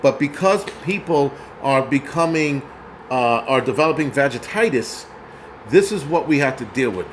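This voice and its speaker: A man's voice: medium pitch, animated, moderate pace, a little hiss or hum. A man of Puerto Rican origin hosting his own show, ranting in a heated, profane, mocking way. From Puerto Rico. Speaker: host. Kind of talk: angry ranting commentary.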